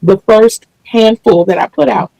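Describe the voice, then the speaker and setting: A woman hosts a relaxed online video interview with a guest, her medium-pitched voice a little slow and gravelly with fry. She speaks earnestly and at length, restarting now and then, and the audio is dry and close with no room echo.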